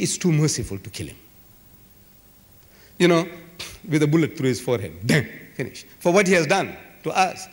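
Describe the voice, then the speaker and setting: A man giving an emphatic, dramatic public lecture in a large civic hall, full of repetition and rhetorical flourishes. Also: on the high side. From South Africa. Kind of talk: public lecture to a live audience. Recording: echoey hall recording.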